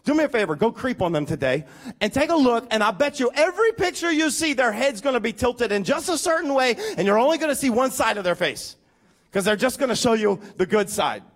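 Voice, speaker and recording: A pastor giving a lively, conversational sermon with emphatic points and humorous asides. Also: male voice, very high-pitched, a little fast.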